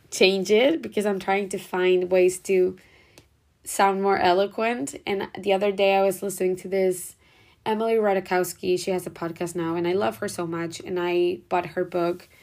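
A young woman hosts a podcast with a casual, reflective monologue, rambling and leaning heavily on "like" and "whatever." Her voice is medium in pitch, flat in delivery, and measured in pace.

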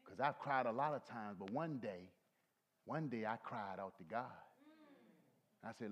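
A middle-aged male pastor preaching a folksy sermon, swinging from low soft asides to shouted peaks. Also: a little slow, highs cut off. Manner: folksy, talks to the congregation.

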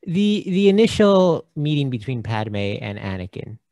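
A man's voice: mid-range voice, very animated, measured pace, a little mellow, no room sound. A man co-hosting a film podcast in a casual chat. He is jokey and stumbles over his words. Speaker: podcast co-host. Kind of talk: casual movie discussion.

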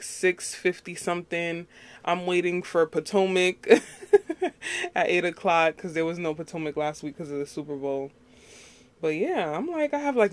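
A woman's voice: lowish voice, no echo. A woman from Queens, New York, hosting a casual solo podcast, rambling with lots of fillers and frequent laughs. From Queens, New York City. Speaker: podcast host.

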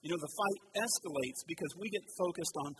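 A man's voice: on the high side, fast talker. A man pastor giving a sermon in a church, earnest and pleading, leading the congregation in reciting verses. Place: church sanctuary. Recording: long hall reverb with noise.

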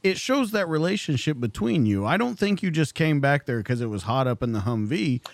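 A man's voice: a little high, very animated, fairly quick, no echo, clean studio sound. A man hosting a podcast, asking probing questions in a conversational way. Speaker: podcast host. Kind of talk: interview questions.

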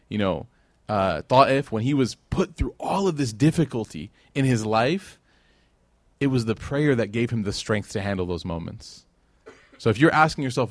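This man's voice runs on the low side, and the recording is dry. He's lecturing on religion to a live audience in a relaxed, humorous way, performing the characters of his stories in animated quoted voices.

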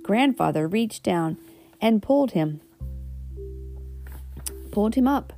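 A woman's voice: mid-range voice, animated, takes it slowly, vocal fry, mellow, faint music behind. A woman reading a children's storybook aloud, with homely asides and self-corrections. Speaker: reader.

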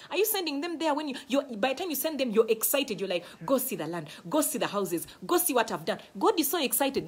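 Animated, husky Ugandan woman preaching. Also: fairly high pitch. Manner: passionate, emphatic preaching with repeated phrases. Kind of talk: sermon.

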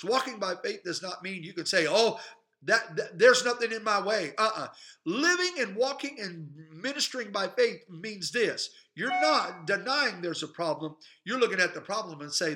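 A man's voice: high voice, animated, normal speed, bright, forceful tone. A man, a pastor and evangelist, preaching a fervent sermon with emphatic, repetitive cadence on a podcast. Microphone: podcast microphone.

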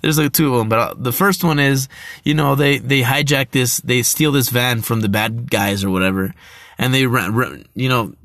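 A man's voice: medium pitch, moderate pace, a bit bright, no room sound, clean studio sound. A young man in casual talk about movies, rambling, laughing often and swearing loosely as he records on his phone. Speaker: vlogger.

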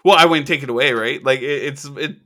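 Bright, animated storytelling man. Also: mid-range voice, brisk. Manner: animated storyteller who swears freely. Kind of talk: casual chat.

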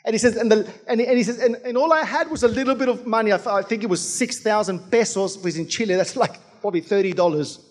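A male pastor delivers a sermon in a fervent, rhythmic style, repeating key phrases and calling out to his congregation. His voice sits high for a man. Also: fast, few pauses. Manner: fervent, rhythmic preaching with repeated calls to the church.

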